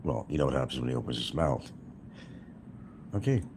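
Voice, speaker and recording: Brief: deep-voiced male commentator, scornful and repetitive, swooping intonation. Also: lively intonation, fairly quick, noisy background. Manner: sarcastic, hammering repetition. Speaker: YouTube commentator. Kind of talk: ranting commentary.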